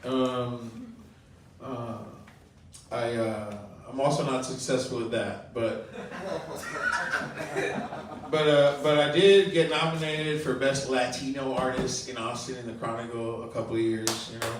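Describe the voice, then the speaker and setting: A middle-aged man from Colombia doing open mic stand-up and chatting with the crowd, with a halting, rambling delivery full of ums and little laughs. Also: medium pitch, steady tone, very noisy. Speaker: stand-up comedian. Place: comedy club room. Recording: echoey room, mic far off.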